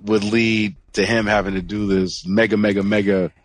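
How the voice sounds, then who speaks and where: A man's voice: fairly low pitch, level tone, normal speed. A man co-hosting a casual podcast chat, hesitant and curious, often restarting his sentences. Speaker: podcast co-host.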